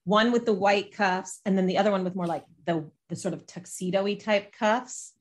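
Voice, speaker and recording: A woman at a middle pitch hosts a relaxed podcast conversation. She talks in a chatty, teasing way and laughs easily between remarks. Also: normal speed. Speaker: podcast host. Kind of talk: casual chat.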